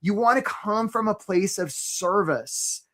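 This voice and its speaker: A man hosting a live career-coaching webinar, talking in an energetic, chatty way and often asking "right?". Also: high voice, unhurried.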